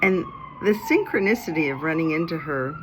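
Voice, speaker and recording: A woman's voice: sits low, brisk, noisy background. Chatty woman telling a story. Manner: chatty, animated, acts out voices of others. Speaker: vlogger. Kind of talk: casual storytelling. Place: outdoors in a city.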